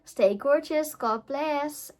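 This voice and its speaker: A woman's voice: high-pitched, takes it slowly, a little mellow. A woman telling a casual storytime vlog as a beauty vlogger, chatty and giggly, peppering her talk with fillers.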